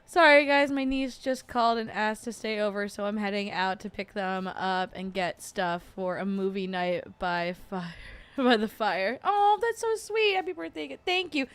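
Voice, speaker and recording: A woman's voice: on the high side, no room sound. Giggly, emotional woman host chatting. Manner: giggly, emotional, laughs often; rambling with many fillers. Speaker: podcast host. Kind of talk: casual livestream chat.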